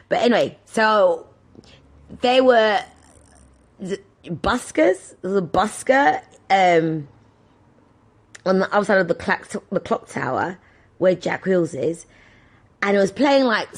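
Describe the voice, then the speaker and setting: Animated woman telling stories. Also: fairly low pitch, husky. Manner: animated, acts out voices in her anecdotes. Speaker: podcast host. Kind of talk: casual storytelling monologue.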